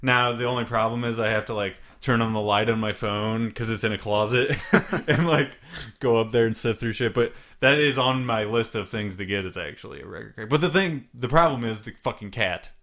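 A man's voice: medium pitch, fairly quick, fairly bright tone. A man co-hosting a podcast in loose, rambling casual chat, swearing now and then. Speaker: podcast co-host.

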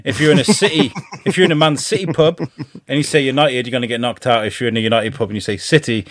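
A man's voice: mid-range voice, fairly even intonation, fast talker, no room sound. A man, chatting loosely on a podcast, swearing and laughing as he rambles. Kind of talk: casual podcast chat.

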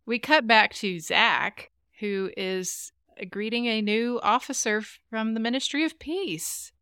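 Young female co-host, bright voice with vocal fry, laughs easily. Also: on the high side, takes it slowly, no echo, studio quality. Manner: friendly, laughs often. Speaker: podcast co-host. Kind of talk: casual chat recapping a TV show.

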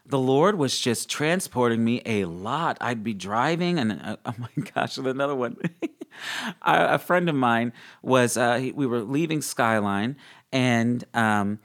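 Excitable young man telling wild stories. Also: unhurried. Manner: excited storyteller who acts out quotes in a high voice and laughs often. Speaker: guest. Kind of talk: animated faith testimony in an interview.

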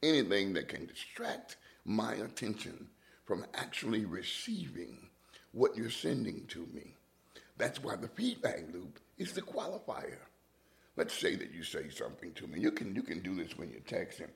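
A man's voice: low voice, big pitch swings, normal speed, gravelly. A man hosting a reflective monologue, musing with restarts and sometimes dropping into a whisper. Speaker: podcast host.

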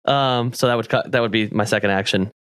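A man's voice: lowish voice, fast, fairly bright tone, clear, resonant tone, no room sound, clean studio sound. A man playing a tabletop game, thinking aloud as he counts out his moves. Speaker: player.

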